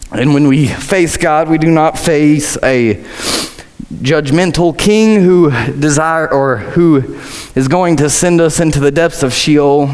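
A man's voice: a little high, a little mellow, big-room sound, rough recording. A man preaching a sermon with earnest conviction and casual joking asides.

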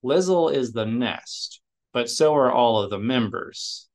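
A man's voice: mid-range voice, expressive, a little slow, darkish tone. A man reading aloud, voicing a stubborn, methodical male alien engineer who speaks precisely and matter-of-factly.

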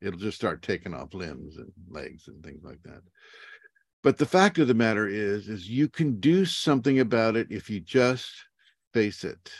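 A man's voice: fairly low pitch, moderate pace, creaky, no room sound, clean studio sound. A man, a spiritual teacher, talking casually on a video call, rambling with frequent chuckles. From United States. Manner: rambling, chuckling often, animated asides.

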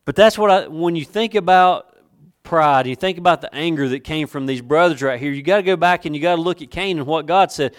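A man preaches in a voice pitched a little above most men's. He stresses his points with rising force and slows right down to read old scripture aloud. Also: expressive. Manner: preaching with rising emphasis, reading King James scripture slowly. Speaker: pastor. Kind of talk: sermon.

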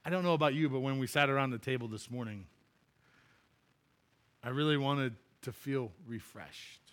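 A man's voice: mid-range voice, moderate pace, fairly bright tone. A man preaching as a pastor, telling a funny personal story in a chatty way and laughing at himself before turning to scripture.

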